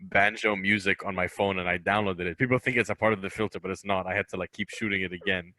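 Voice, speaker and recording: A man's voice: low-pitched, quick pace, dry recording. A young man in his twenties chatting animatedly as a comedian guest on a podcast. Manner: animated, chatty, drops into voices. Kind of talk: casual interview chat. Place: podcast studio.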